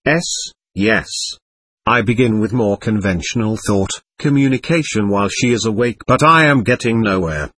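A man reading the part of a young woman's spirit, calm and measured, in a dry, close recording. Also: lowish voice, dry recording.

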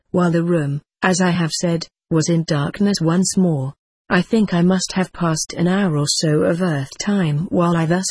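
A reader narrating an old-fashioned first-person novel in a measured way for an audiobook. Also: medium pitch, a little mellow, breathy edge, no room sound. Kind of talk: audiobook reading.

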